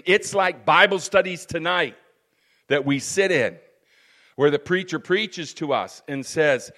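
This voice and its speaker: Guy preaching a sermon, slightly high voice, fervent, keeps saying praise god, goes quiet then loud. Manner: swings from hushed to loud emphatic bursts.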